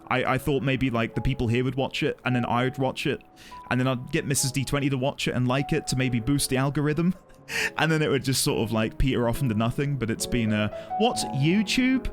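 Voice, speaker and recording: A man's voice: medium pitch, fairly even intonation, a little fast, soft background music. A man streaming a game, rambling and flustered as he thanks his chat effusively.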